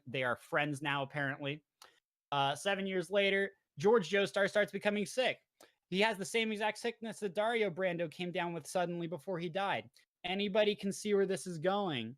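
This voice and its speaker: A man's voice: high voice, a bit bright, dry recording. Chatty young man recapping a show. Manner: rambling, jokey, acts out characters in quick asides. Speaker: podcast host presenting slides. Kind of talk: casual comedic recap.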